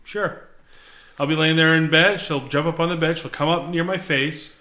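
A man with a bright, slightly high voice chats on a podcast. He rambles, restarts his sentences and swears offhandedly. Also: steady tone, moderate pace. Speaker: podcast co-host. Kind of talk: casual chat.

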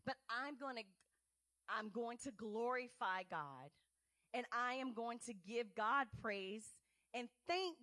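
A woman's voice: lively intonation, takes it slowly, bright, forceful tone. A woman preaching a sermon in a conversational way, asking the congregation rhetorical questions and acting out the quoted voices. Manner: acts out quoted voices with big pitch swings. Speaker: church speaker.

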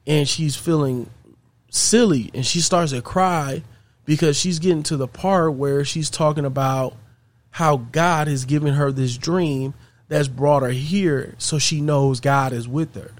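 A man's voice: on the high side, measured pace. A man casually telling a story, conversational and repetitive in phrasing. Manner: conversational, repeats "she's like".

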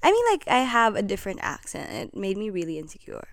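A woman's voice: medium pitch, big pitch swings, quick pace. Giggly young woman with a light Filipino accent. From Philippines. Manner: giggly, chatty, candid. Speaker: podcast guest. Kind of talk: casual storytelling chat.

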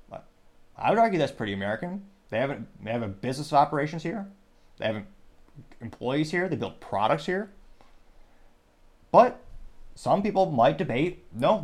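A man hosting a news commentary podcast, talking in a wry, digressive way with joking asides. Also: mid-range voice. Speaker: podcast host.

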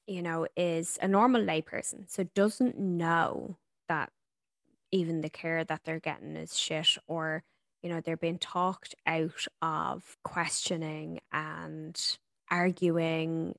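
A woman's voice: deep voice, level tone, slow pace, vocal fry, fairly bright tone, no echo, studio quality. A woman co-hosting a podcast, asking supportive questions in a casual way and swearing now and then, over a remote call. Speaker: podcast co-host. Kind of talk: casual chat. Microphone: remote call recording.

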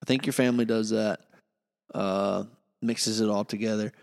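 A man's voice: lowish voice, normal speed, gravelly, in a large hall. A man co-hosting a podcast in casual chat, playful and often unsure of himself. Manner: playful, unsure, lively intonation. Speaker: podcast co-host.

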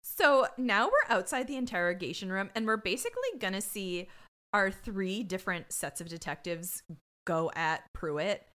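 A woman's voice: medium pitch, very animated, normal speed, a bit bright. A woman co-hosting a podcast, recapping a TV episode with playful, sarcastic commentary. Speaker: podcast co-host. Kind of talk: casual recap chat.

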